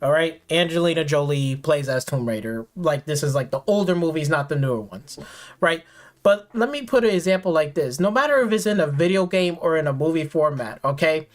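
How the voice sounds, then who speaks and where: A man's voice: on the high side, expressive, brisk, faint music behind. A man streaming games, ranting sarcastically and profanely, rambling with many fillers in an exasperated tone. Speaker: gaming streamer.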